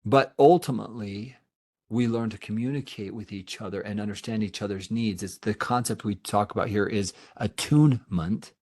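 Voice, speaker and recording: A man's voice: lowish voice, normal speed, darkish tone. A middle-aged man, a therapist, giving an earnest webinar presentation with emphatic repetition and answering audience questions.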